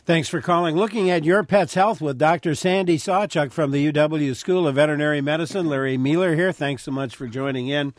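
A man's voice: on the high side, dry recording, studio quality. A man hosting a public radio call-in show, reading phone numbers and plugs and welcoming callers. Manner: friendly announcer reads, quick plugs. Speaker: radio host. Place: radio studio.

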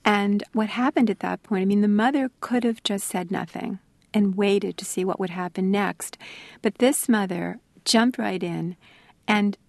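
A middle-aged woman, an author being interviewed, telling stories in a thoughtful, soft-spoken way that sometimes sinks to a near-whisper. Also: medium pitch, unhurried, gravelly, dry recording. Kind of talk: reflective interview storytelling.

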